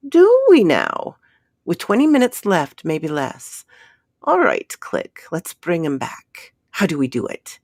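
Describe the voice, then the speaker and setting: A woman voicing a burly, brash Irish spaceman who talks gruffly and often drops to a hush. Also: low-pitched, very animated, a little slow, no echo, clean studio sound, full character voice. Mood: uneasy.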